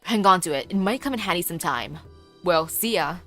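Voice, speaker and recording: A woman voicing a low-voiced mysterious stranger in a game, in a laid-back, knowing manner. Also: expressive, a little fast, a bit bright, soft background music. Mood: easygoing. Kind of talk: reading game dialogue aloud.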